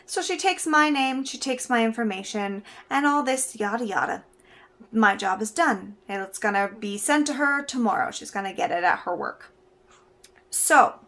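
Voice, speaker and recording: A young Canadian woman with a slightly high voice tells a story to her camera. She chats along casually and brightly, her words spilling out with easy laughs. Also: normal speed. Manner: chatty, animated, laughs while telling. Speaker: vlogger.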